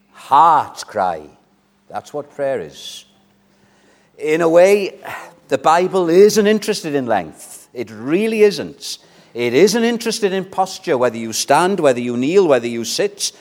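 A man preaching an earnest, pleading sermon in church, swinging between loud and soft. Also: a little high. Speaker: pastor.

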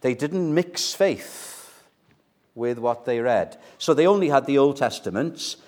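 An older man from Wales preaching a sermon, emphatic, with dramatic pauses and sudden soft drops. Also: medium pitch, expressive.

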